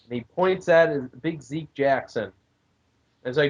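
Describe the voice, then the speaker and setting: A high-ish male voice at normal speed rambles through a wrestling recap in lo-fi sound. He's a podcast co-host in casual chat, slipping into goofy character voices as he goes.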